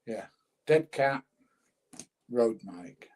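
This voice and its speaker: A man's voice: medium pitch, animated, very slow, darkish tone, rough recording. An older man casually chatting on a livestream, reading out viewer comments and laughing as he goes. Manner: chatty, laughs often, plain-spoken. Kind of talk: casual chat.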